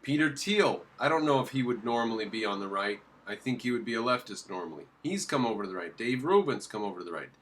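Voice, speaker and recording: A man giving opinionated commentary while reacting to a video clip, emphatic and quick to ask questions and answer them himself. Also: fairly low pitch, animated, fairly bright tone.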